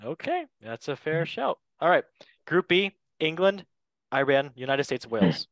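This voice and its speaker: A man's voice: fairly high pitch, very animated, a little slow, fairly bright tone, no echo, dull audio. Playful young man hosting football picks. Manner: playful, laughs often, goofy asides. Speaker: podcast host. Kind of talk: casual football chat.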